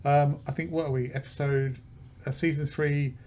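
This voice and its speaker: Dry-witted podcast host. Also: male voice, on the high side, flat delivery, warm tone. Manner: dry, self-mocking, halting. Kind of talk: casual pub chat. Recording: faint background noise.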